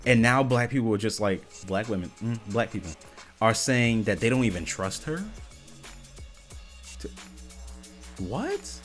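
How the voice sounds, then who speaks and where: A man's voice: on the low side, expressive, a little slow, long pauses, faint music behind. A man giving reaction commentary on clips, exasperated and incredulous, firing off rhetorical questions.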